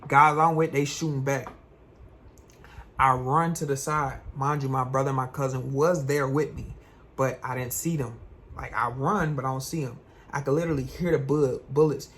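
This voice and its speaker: A young man, a vlogger, tells a personal story in an animated, slangy way. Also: mid-range voice, moderate pace, slight background noise. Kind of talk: storytime vlog.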